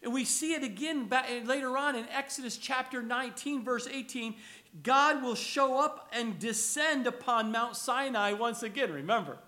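Guy preaching a sermon, really high voice, chatty, repeats himself a lot. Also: moderate pace, bright, forceful tone. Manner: conversational preaching, repeats words, chuckles. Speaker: pastor.

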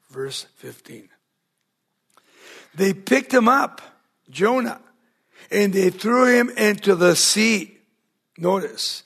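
A male pastor preaching a verse-by-verse sermon, emphatic and swinging between loud and hushed, often asking his listeners rhetorical questions. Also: sits high, lively intonation, takes it slowly, long pauses, husky. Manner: asks the congregation rhetorical questions.

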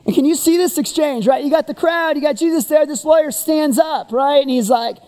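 High-voiced preacher, animated sermon. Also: brisk, big-room sound. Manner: animated storytelling with rhetorical questions.

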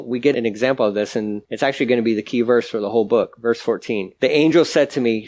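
A male pastor giving a conversational sermon, explaining scripture in a casual, chatty way with everyday asides. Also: medium pitch.

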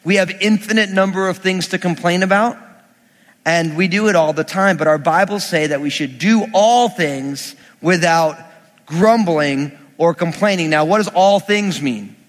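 A man's voice: sits high, normal speed. A young adult man, a pastor, preaching a sermon in a conversational, emphatic way with casual asides. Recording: long reverb of a hall.

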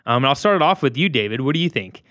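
A man's voice: medium pitch, animated, racing, a bit bright, dry recording. A man hosting a casual podcast chat in a studio, upbeat and joking, with lots of fillers. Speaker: podcast host. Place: recording studio. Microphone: studio microphone.

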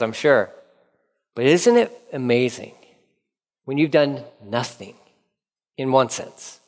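A man giving a casual Bible-teaching sermon, lively and jokey, acting out the people in the story. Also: mid-range voice, big-room sound. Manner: animated, jokey, acts out quoted characters. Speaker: pastor teaching.

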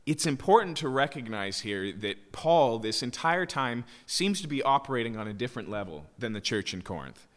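A man's voice: medium pitch, very animated, normal speed, few pauses, fairly bright tone. A man preaching a sermon as pastor, explaining with emphasis and rhetorical "right?" questions. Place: church sanctuary. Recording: long reverb of a church hall.

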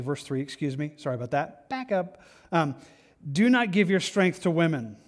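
A man preaching a sermon in an earnest, halting way, often repeating words and restarting, moving between soft and stronger delivery. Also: a little high. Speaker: pastor.

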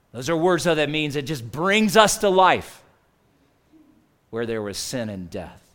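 A man preaching a sermon in a conversational way, rising to loud emphasis and dropping to near-quiet asides. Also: fairly low pitch. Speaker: pastor.

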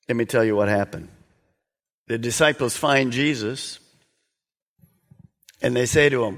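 A man preaching a sermon, earnest and exhorting, sometimes dropping to a soft, slow voice. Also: medium pitch, long reverb tail. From United States. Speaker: pastor.

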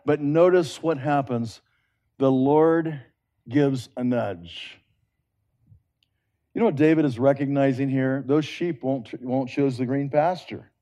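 A man preaching a sermon in an earnest, conversational way, swinging between loud emphatic rises and hushed, drawn-out phrases. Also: medium pitch, dull audio.

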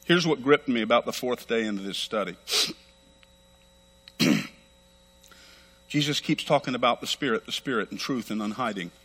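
A middle-aged man preaching a sermon as pastor, fervent and emphatic, talking rapidly and repeating phrases for weight. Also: medium pitch, fairly bright tone. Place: church sanctuary. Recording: long hall reverb.

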